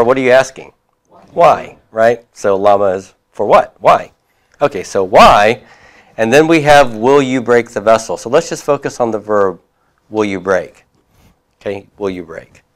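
A man teaching a class, reviewing homework and prompting students with questions, with occasional chuckles. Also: medium pitch.

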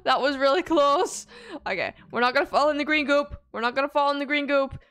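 A woman giving excitable commentary while playing a video game, gasping and squealing at every obstacle. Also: high-pitched, a little fast. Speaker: gaming video creator. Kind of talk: playthrough commentary.

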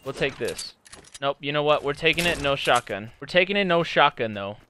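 A young man casually commenting on his own gameplay, excitable and swearing often, sometimes breaking into angry shouts. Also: a little high, fairly quick, slight background noise. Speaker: gamer streamer.

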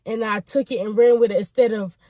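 Young woman vlogger in a car, chatty and excited, higher voice, dry close sound. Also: fairly quick, dry recording. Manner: chatty, repeats "y'all" often, excited and grateful. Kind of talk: casual chat to the camera.

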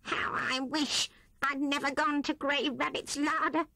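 A woman voicing a thin, hungry male rat who whines and pleads in a high voice. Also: little pitch movement, measured pace, pushed and bright, dry recording, heavily acted. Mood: whining. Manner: whining, high and squealing.

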